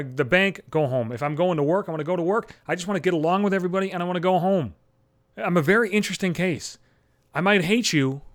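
Young guy on a podcast swearing nonstop, blunt, kinda high voice, super dry sound. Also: no echo. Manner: blunt, heavy swearing, animated. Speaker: podcast host. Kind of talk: profane storytelling rant.

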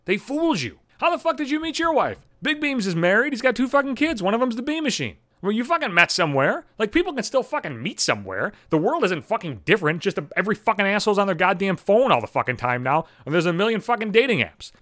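Male podcaster, 30s, slightly high voice, fast sarcastic swearing rant, dry close recording. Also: sing-song, a bit bright, no echo. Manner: agitated, swearing constantly, sarcastic. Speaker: podcast host. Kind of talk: profane solo rant.

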